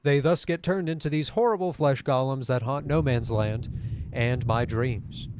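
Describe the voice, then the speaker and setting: A man's voice: mid-range voice, normal speed, noisy background. A young man hosting a video, narrating a scripted essay with wry, conversational asides. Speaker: YouTube host.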